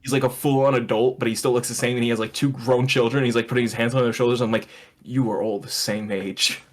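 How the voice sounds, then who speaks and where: A man co-hosts a loose comedy podcast and retells a show scene by scene. He laughs often and keeps breaking into put-on voices for the characters. His pitch and tone stay in an ordinary middle range. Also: level tone, very fast. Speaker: podcast co-host. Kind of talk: casual comedic chat.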